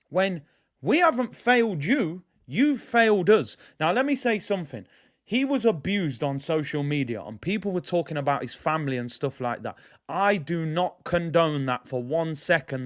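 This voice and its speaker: Man, young adult, slightly high voice, slangy animated fan rant. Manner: animated, slangy, ranting with laughs. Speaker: football fan channel host. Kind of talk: casual fan commentary.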